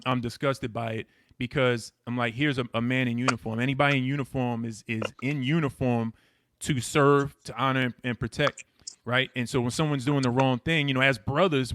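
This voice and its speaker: Mid-voiced man, measured and reflective, casual podcast co-host. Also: medium pitch, fairly even intonation, a bit bright, slight background noise. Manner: reflective, speaks in short measured phrases.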